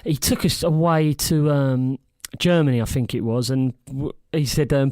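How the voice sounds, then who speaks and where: A man's voice: medium pitch, normal speed, few pauses, darkish tone. A man, a former footballer co-hosting a podcast, telling rowdy stories in casual chat, swearing freely and laughing as he goes. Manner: swears a lot, laughs through his stories. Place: studio.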